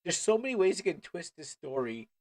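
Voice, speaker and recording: A man's voice: sits high, sing-song, brisk, a little mellow, no room sound. A man streaming a game, rambling casually and often cracking up with laughter. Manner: rambling, keeps breaking into laughter. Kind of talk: casual livestream commentary.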